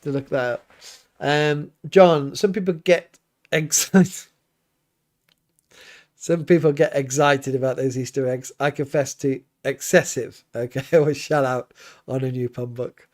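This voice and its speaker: A man, a priest hosting a relaxed livestream, reading viewer comments aloud and chatting back with an easygoing, often laughing manner. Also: medium pitch. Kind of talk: casual livestream chat. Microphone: livestream mic.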